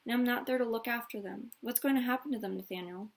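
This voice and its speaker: A woman's voice: a little high, fast talker, gravelly. A woman reading as a thoughtful, bookish girl. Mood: gentle.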